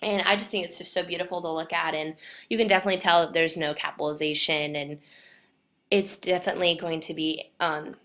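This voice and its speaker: A young woman with a lowish voice gives an earnest class presentation. She explains each point carefully and keeps leaning on the word "definitely". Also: steady tone, a little fast, a bit bright. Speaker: student presenter.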